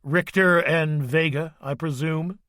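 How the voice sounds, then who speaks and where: A man reading a grave, authoritative male president in an audiobook, measured and somber. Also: on the high side, steady tone, fairly bright tone, dry recording, clean studio sound.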